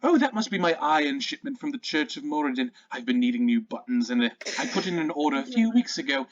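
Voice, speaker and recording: A man voicing a flamboyant, doting female shopkeeper in a tabletop game, swooping high and calling everyone darling. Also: big pitch swings, fast talker. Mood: gushing. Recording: slightly dull lo-fi sound.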